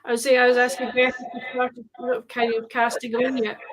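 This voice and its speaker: A woman's voice: on the high side, monotone, brisk, rough recording. A woman guest in a casual video chat, talking loosely with hedging fillers.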